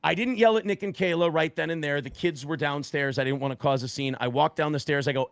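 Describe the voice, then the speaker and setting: A man with a gravelly, slightly high voice tells a story as a podcast guest, swearing freely and slipping into other people's voices for quotes. He is close on the microphone, with a dry, dead sound. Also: quick pace, few pauses, no echo. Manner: heavy swearing, acts out quotes with shifting voices. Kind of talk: casual storytelling.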